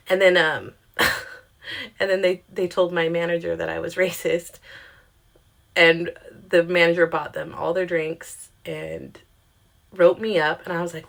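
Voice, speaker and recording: A young woman telling a casual storytime monologue, chatty and animated, swearing freely and acting out what people said. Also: brisk. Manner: chatty, animated, swears freely, quotes herself in pitched-up voices. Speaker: storyteller vlogger.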